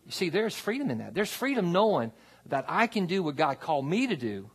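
Gravelly, lively-voiced man preaching. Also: on the high side, a little fast. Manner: conversational preaching with call-and-response asides. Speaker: pastor. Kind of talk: sermon. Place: church sanctuary.

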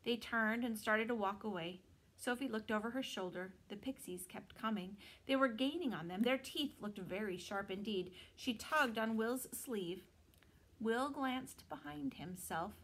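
A woman teacher reading a novel aloud to students in an expressive storytelling manner. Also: a little high, a little slow, low-quality recording.

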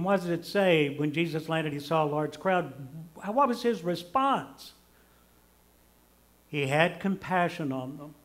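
Older pastor with a slightly high voice. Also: male voice. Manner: homey and self-deprecating, swinging between emphatic and hushed. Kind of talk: conversational sermon.

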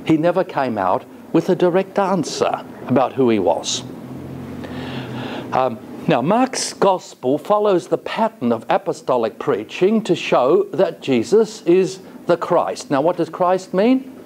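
A man's voice: a little high, very animated, a little slow, a little mellow, a little hiss or hum. A man giving a college lecture in a classroom. He talks in a thoughtful, hesitating way and keeps asking the class rhetorical questions.

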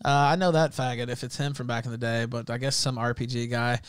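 A man hosting a livestream call-in show, confrontational and shouting insults at callers. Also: mid-range voice, fairly even intonation, fast, smooth, dry recording. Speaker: livestream host.

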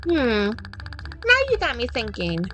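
A woman's voice: fairly high pitch, wildly swooping pitch, slow, a bit bright, low-quality recording. A woman playing a game and commenting casually, joking and self-mocking. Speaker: game player. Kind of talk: casual let's play commentary.

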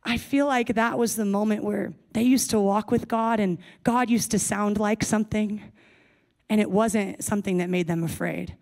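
A woman's voice: mid-range voice, fairly even intonation, moderate pace, gravelly, darkish tone. A young adult woman giving a sermon to a young adults service, speaking casually and playfully with jokey asides.

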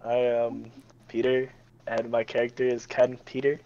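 Brief: young player, mid-range voice, dry and profane. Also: male voice, medium pitch, moderate pace, lo-fi sound, slight background noise. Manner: blunt, profane, deadpan retorts. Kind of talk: casual tabletop game chat.

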